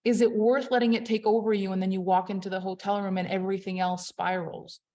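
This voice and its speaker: A woman coaching on leadership in an emphatic, conversational motivational talk, swinging between loud and quiet. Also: mid-range voice, level tone, fast.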